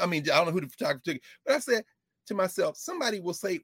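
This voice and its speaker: A middle-aged man, a professor talking politics in an impassioned, preachy way, with mocking quotes and bursts of shouting. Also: high-pitched, big pitch swings, very fast, dry recording, clean studio sound. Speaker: professor and show co-host.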